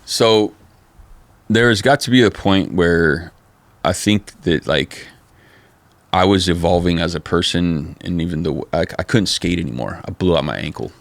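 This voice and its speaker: A middle-aged man telling stories in a casual interview, animated and profane, full of "dude" and "man.". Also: sits low, moderate pace, creaky, no echo. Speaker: interview guest, former skateboard company manager.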